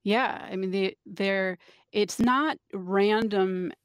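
A woman linguist explains things on a radio interview, patient and thoughtful, pausing with an occasional um. Her voice sits in the middle range. The sound is dry and close-miked. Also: mid-range voice, clear, resonant tone, no echo. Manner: explanatory, thoughtful, with fillers and restarts. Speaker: linguist and author, guest.

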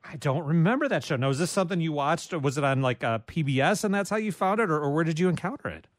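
Man, radio call-in host, friendly chat, slightly higher pitch, dry studio mic. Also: lively intonation, fast talker, no echo. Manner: friendly, chatty, self-deprecating. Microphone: studio microphone.

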